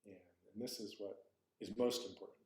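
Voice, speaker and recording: A man's voice: fairly low pitch, steady tone, moderate pace. A man giving a dharma talk as a Zen teacher, reflective and searching, often correcting himself aloud. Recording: roomy echo.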